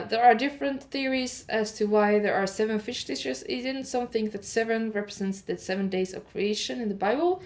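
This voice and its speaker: A woman hosting an audio advent calendar show. She reads holiday facts in one improvised take, pauses with "uh" to fix her pronunciation, and adds chatty asides to her listeners. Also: medium pitch, gravelly, darkish tone. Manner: reads steadily, stops often with "uh" to correct her pronunciation.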